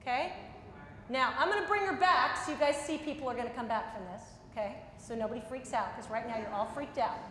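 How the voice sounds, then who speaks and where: A woman leading a live workshop, giving direct, brisk advice and running a demonstration for a group. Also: a little high, pushed and bright, slight background noise. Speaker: workshop trainer. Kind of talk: live workshop lecture and demo. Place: meeting room before a group. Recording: echoey room, mic at a distance.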